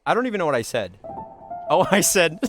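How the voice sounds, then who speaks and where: Playful, lively-voiced male streamer. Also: a little high, fairly quick, music in the background. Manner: playful, goofy, riffs and jokes with chat. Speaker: livestream host. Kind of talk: casual live-stream chat with viewers.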